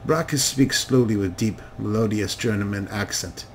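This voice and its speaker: A man reading a game's narration aloud in a steady, descriptive way. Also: fairly low pitch, moderate pace, hardly any pauses, a little hiss or hum, poor audio. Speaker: let's play narrator. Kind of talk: reading game text aloud.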